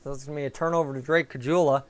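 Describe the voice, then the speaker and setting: A man's voice: mid-range voice, fairly even intonation, rapid-fire. A young man hosting a live fan stream, chatting casually about the game and answering viewers by name over a headset mic. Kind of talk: casual fan commentary and chat replies.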